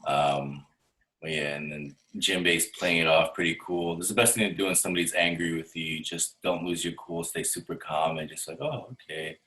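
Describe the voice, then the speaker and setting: A man's voice: low voice, fairly even intonation, brisk, bright, forceful tone, poor audio. A man co-hosting a casual chat, talking hesitantly with many fillers and questions. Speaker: podcast co-host.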